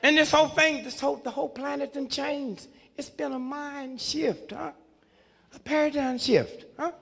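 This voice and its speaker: A man's voice: very high voice, fairly even intonation, normal speed, vocal fry, fairly bright tone. A man in his seventies, a comedian telling humorous stories to a live crowd in a folksy, chuckling way, often checking in with the audience. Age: 70s. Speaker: comedian and speaker.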